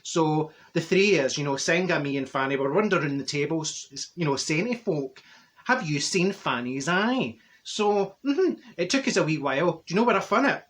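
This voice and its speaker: A man's voice: on the high side, expressive, normal speed, a bit bright. A man playing a chatty Glaswegian auntie. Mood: gossipy. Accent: Glaswegian Scottish. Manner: rambling, laughs at own jokes, confiding asides. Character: chatty older Glasgow woman, gossiping storyteller. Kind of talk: comic character monologue.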